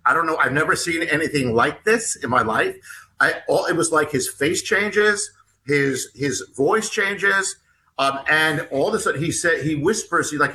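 Bright, earnest man telling a story. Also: a little high, low-quality recording. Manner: earnest, halting, retells dialogue. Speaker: author and guest. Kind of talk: storytelling in conversation.

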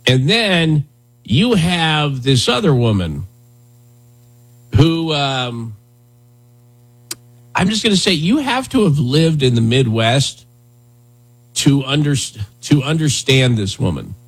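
A man's voice: fairly high pitch, very animated, slow, long pauses, husky. A male radio host talking casually in a rambling, conversational way with lots of fillers. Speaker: radio talk show host. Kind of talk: casual talk radio chat.

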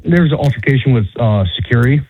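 A man as a guest on a talk show, telling his story casually and haltingly. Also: mid-range voice, lively intonation, slightly rough, no echo. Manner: halting, many fillers and restarts. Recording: tinny, dry phone-like sound.

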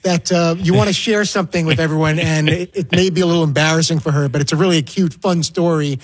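A man from the audience asking a question in a rushed way, restarting his phrases. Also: fairly high pitch, steady tone. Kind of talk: casual question.

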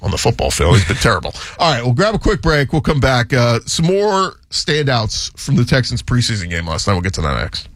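A man's voice: medium pitch, big pitch swings, brisk, hardly any pauses, fairly bright tone. A man hosting a sports radio show, chatting casually and jokingly about how names are said, now and then mimicking other voices.

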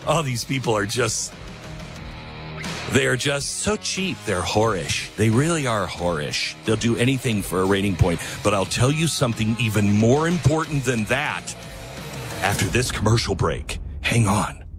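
A man's voice: measured pace, music in the background. A middle-aged man hosting a radio talk show, rambling, self-mocking and reading ads live, jumping into mimicked voices. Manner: animated, self-mocking, mimics voices with big pitch jumps.

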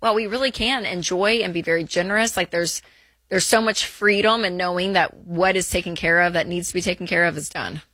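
A woman's voice: on the low side, a little fast, sharp tone, no room sound. A woman from Nevada co-hosting a call-in money advice show, encouraging and enthusiastic with callers. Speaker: radio advice show co-host. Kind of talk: casual call-in advice chat.

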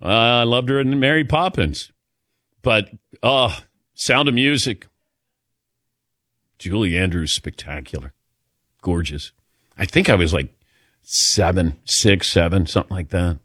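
A man's voice: sits low, a little slow, pauses often, fairly bright tone, dry recording, clean studio sound. A man hosting a sports talk radio show, chatting casually in a jokey, self-deprecating way and reading ads. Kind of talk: casual radio chat and live ad reads. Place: radio studio.

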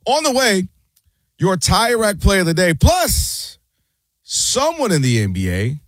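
A man co-hosting a casual sports talk show, animated and quick to act out what people said. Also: high-pitched, no room sound. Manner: animated, acts out quotes in put-on voices.

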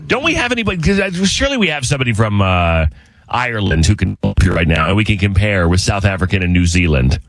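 A man's voice: lowish voice, fast talker, no echo. A man hosting a morning radio show, bantering with co-hosts and callers and laughing often. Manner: lively, joking, laughs often.

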